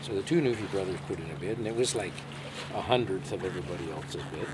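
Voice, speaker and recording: A man telling jokes in a folksy storyteller's manner, outdoors by the water. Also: fast talker. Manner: folksy storyteller, drops his voice low for jokes. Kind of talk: joke telling. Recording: loud noise outdoors.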